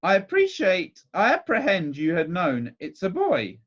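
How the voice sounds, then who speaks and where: Male reader doing timid soft-spoken doctor, mild and placating, lilting, muffled lo-fi storybook read-aloud. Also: high voice, wildly swooping pitch, unhurried, voice pushed up, full character voice. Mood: meek placating.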